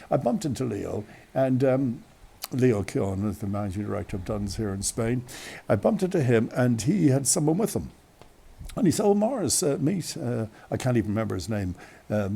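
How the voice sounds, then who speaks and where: Irish male radio host with a mellow, gravelly voice; chatty, meandering anecdotes outdoors. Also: medium pitch. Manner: chatty, digressive, many restarts and asides. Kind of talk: rambling anecdotal storytelling. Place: outdoors on a windy day. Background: wind.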